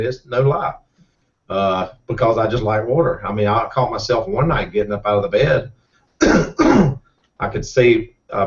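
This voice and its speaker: A middle-aged race car driver, telling a rambling, folksy story with repeated words. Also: male voice, mid-range voice. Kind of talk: casual storytelling. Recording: distant, muffled mic.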